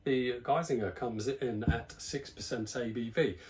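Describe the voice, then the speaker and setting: A man's voice: medium pitch, measured pace, a little mellow. Chatty British-based man reviewing beer. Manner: chatty, rambling, self-deprecating asides. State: slightly out of breath. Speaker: beer reviewer, channel host. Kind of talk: casual spoken beer review.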